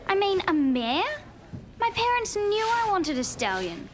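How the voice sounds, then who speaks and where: A woman's voice: extremely high pitch, sing-song, measured pace, heavily acted. An actress playing a spoiled, snobbish rich teenage girl in a TV drama, whining in a haughty way. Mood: sulky. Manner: haughty, whiny complaint. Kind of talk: teen TV drama acting.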